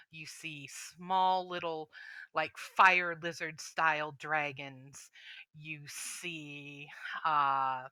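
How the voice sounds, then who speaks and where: A woman narrating as game master, describing scenes with frequent pauses. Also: deep voice, pushed and bright, clear, resonant tone, dry recording, poor audio. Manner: descriptive, hesitant with fillers.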